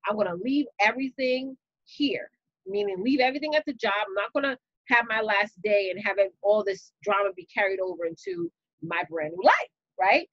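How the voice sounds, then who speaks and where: A woman with a New York accent, hosting a casual live stream and telling a story to her viewers in a lively, chatty way, calling them y'all. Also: fairly high pitch, brisk, no echo, lo-fi sound. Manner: animated, chatty, talks straight to viewers with y'all and you know. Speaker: business coach and live-stream host.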